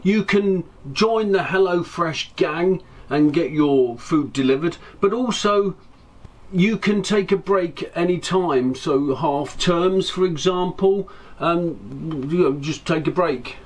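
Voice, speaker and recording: A man's voice: fairly high pitch, slow pace. Chatty rambling male vlogger. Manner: rambling, chatty, with self-deprecating asides. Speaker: narrowboat vlogger. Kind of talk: casual vlog narration.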